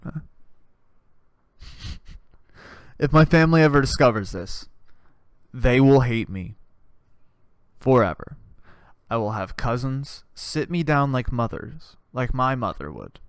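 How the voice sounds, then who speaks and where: A man's voice: medium pitch, animated, unhurried, long pauses, clean tone, no room sound. A young man hosting a comedy podcast, delivering a sarcastic, profane rant with mock-preaching bursts. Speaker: podcast host.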